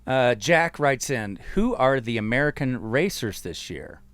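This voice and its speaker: A man with a Texan accent hosting a casual podcast, relaxed as he reads out listener messages and moves the talk along. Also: mid-range voice, unhurried, no echo. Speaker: podcast host reading listener mail.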